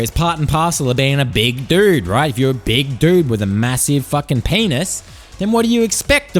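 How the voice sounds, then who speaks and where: An Australian man hosting a podcast, telling crude, profane tall tales in a rambling comic monologue. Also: on the high side. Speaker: podcast host.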